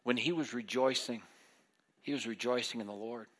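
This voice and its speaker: A man preaching a sermon in an animated way, acting out the voices of biblical figures as he retells their stories. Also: medium pitch, moderate pace.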